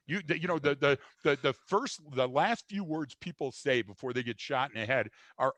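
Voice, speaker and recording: A man's voice: fairly high pitch, animated, fairly quick, hardly any pauses, a bit bright, dry recording. Blunt older man with a dry sound. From United States. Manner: blunt, emphatic, frequent restarts and fillers. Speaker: guest. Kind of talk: conversational interview.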